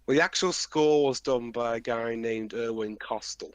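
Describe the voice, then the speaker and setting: A man at a middle pitch trades sarcastic, deadpan jokes in a casual movie commentary. His voice sounds dry and close, with no room sound. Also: normal speed, clear, resonant tone, dry recording. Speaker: commentary co-host.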